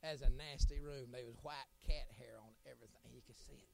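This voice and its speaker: A middle-aged man, an evangelist preaching a sermon, telling folksy stories and building to loud, shouted appeals. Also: mid-range voice, steady tone, a little fast, vocal fry.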